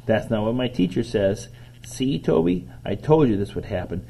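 Preachy know-it-all kid, man reading a storybook, soft and husky. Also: medium pitch, sing-song, moderate pace, exaggerated voice. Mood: lecturing. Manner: preachy, matter-of-fact. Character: cocksure know-it-all young boy. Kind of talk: children's book read-aloud.

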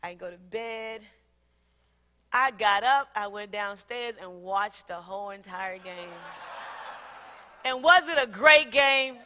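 A middle-aged woman pastor preaching a sermon, animated, laughing often and acting out quotes. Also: medium pitch, slow pace, pauses often, background noise. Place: large church hall. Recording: long church hall reverb.

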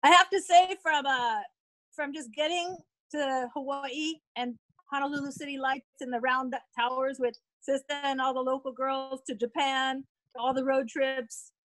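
A woman's voice: high voice, fairly even intonation, moderate pace, a bit bright, dry recording, low-quality recording. A woman, a former player, reminiscing gratefully on a video call.

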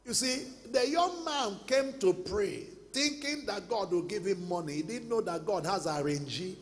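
A man with a Nigerian accent preaching a sermon as pastor, telling stories and breaking into shouts. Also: sits high, animated, unhurried. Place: large church hall. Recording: long church hall reverb.

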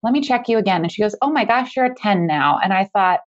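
A woman telling a personal story as a podcast guest, in a casual, animated way, laughing often as she talks. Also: medium pitch, quick pace, lo-fi sound.

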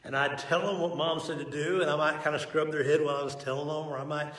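A man's voice: fairly high pitch, steady tone, fast, fairly bright tone. A man teaching a conversational Bible lesson, earnest and folksy, telling family anecdotes. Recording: echoey hall from far off.

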